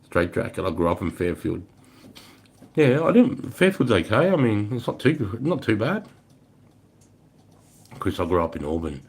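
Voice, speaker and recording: A man in his forties with an Australian accent and a slightly low voice. He talks loosely on a livestream, answering viewers. His speech is blunt and heavy with swearing, and he throws in "mate" and "bro" all the time. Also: big pitch swings, moderate pace, pauses often, a little mellow, breathy edge. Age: 40s. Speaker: livestream host.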